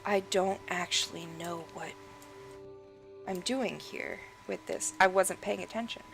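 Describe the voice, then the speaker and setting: A woman's voice: fairly low pitch, unhurried, creaky, fairly bright tone, soft background music, rough recording. A woman gaming creator casually ranting and laughing over gameplay, rambling and swearing freely.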